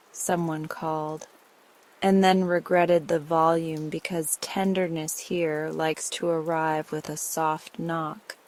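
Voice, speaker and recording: A woman narrating a bedtime sleep story in a soft, slow, soothing way. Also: low voice, vocal fry, poor audio.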